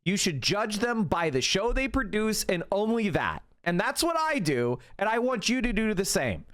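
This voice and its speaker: A man's voice: big pitch swings, moderate pace, no room sound, studio quality. Ranting, profane streamer man. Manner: ranting, profane, mocking, swings between shouting and low mutters. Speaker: streamer reacting to a video. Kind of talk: livestream reaction commentary.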